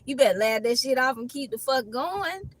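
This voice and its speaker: High-voiced woman ranting bluntly with laughter. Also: animated, moderate pace, dry recording, poor audio. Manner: blunt, profane, laughs often. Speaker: tarot reader. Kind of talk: casual tarot reading rant.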